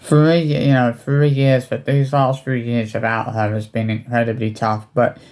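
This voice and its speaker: Halting man telling a personal story. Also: mid-range voice, flat delivery, darkish tone. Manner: halting, hesitant, many restarts. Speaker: vlogger.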